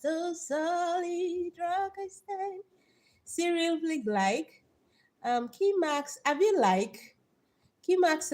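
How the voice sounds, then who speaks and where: With a high voice and a Nigerian accent, the young host runs her motivational livestream, weaving in Bible verses. She greets her viewers by name in a lively way, often repeating her words.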